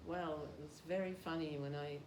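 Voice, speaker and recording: A low, slightly mellow voice with fairly even intonation and a moderate pace belongs to an older Australian woman. She's a devotee telling a story in a casual interview, laughing and turning the joke on herself. The recording sounds roomy, with noise behind her.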